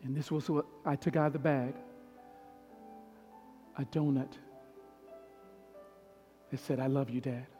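A middle-aged man preaching a storytelling sermon as a pastor, swinging from hushed tones to loud peaks. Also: medium pitch, steady tone, unhurried, pauses often. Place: large church hall. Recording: long hall reverb with faint piano. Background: soft piano.

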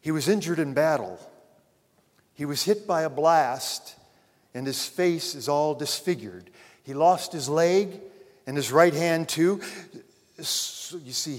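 A man preaching a sermon, telling a story and then addressing his congregation earnestly, rising loud and falling to a hush. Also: mid-range voice, unhurried. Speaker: pastor. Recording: long reverb of a large hall.

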